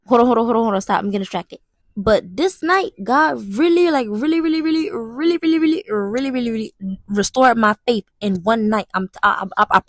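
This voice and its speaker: A young woman vlogger telling a personal story in an animated way, often stuttering and restarting. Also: fairly high pitch, no echo, clean studio sound. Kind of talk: storytime vlog.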